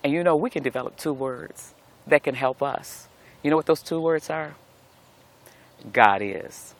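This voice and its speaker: A man's voice: on the high side, lively intonation, a little slow. A middle-aged man giving a devotional talk outdoors, speaking as a pastor with a preacherly cadence and repeated phrases. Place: outdoors in nature.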